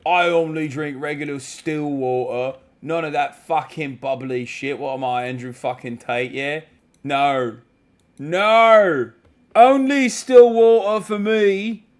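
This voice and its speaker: A man's voice: fairly high pitch, fairly even intonation, slow. A man voicing a brash, swaggering British lad. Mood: mocking.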